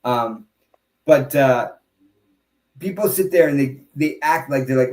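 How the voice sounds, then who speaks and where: A man hosts a casual podcast chat and talks with a lot of emphasis, breaking off into quick asides and restarting his sentences. His voice sits in a middle range, and the room around him sounds noticeably echoey. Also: mid-range voice, darkish tone. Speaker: podcast host.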